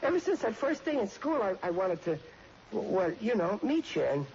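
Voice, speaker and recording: A bashful stammery teen boy, lovesick and clumsy, lively pitch, dull hissy old radio. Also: moderate pace, creaky, full character voice. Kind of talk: 1940s radio acting.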